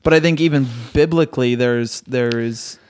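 A man's voice: mid-range voice, normal speed, clean tone. A young man, soon to be a father, speaking thoughtfully in casual chat and often restarting his sentences.

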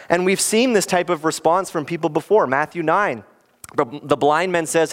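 A man preaching as a pastor in an earnest, animated sermon, often acting out quoted lines. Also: a little high, moderate pace.

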